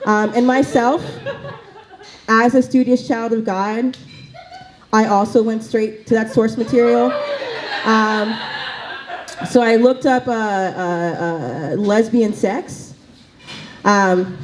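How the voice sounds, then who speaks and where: A woman's voice: fairly high pitch, steady tone, slow pace, darkish tone, poor audio. A woman doing a stand-up comedy set in a small cafe, chatty and full of fillers and asides.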